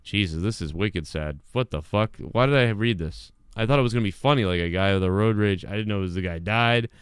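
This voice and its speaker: A man's voice: lowish voice, fairly quick, smooth, no echo, clean studio sound. Rambling, foul-mouthed male stream host. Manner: rambling, heavy swearing, trailing restarts. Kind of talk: casual live-stream commentary.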